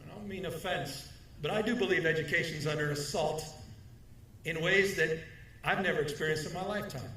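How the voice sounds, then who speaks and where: A middle-aged man delivers a formal speech with a measured, rhetorical rhythm, repeating key phrases for emphasis. His voice sits a little high for a man. The sound is roomy and picked up from some distance, with a faint hum of the hall behind him. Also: pushed and bright. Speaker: governor giving an award speech. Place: large hall, speaking at a podium. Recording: echoey hall, mic at a distance.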